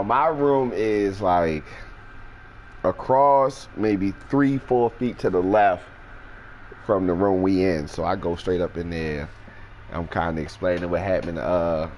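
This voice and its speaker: Low-voiced man telling a wild story. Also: a little slow, a little hiss or hum. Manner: animated, profane, jumps into high-pitched quoted voices. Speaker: storyteller host. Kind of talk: casual storytelling.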